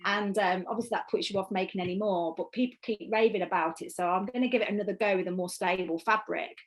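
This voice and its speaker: A woman's voice: medium pitch, fast talker, rough recording. A woman chatting as an interview guest, talking enthusiastically with many restarts and laughs. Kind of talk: casual chat.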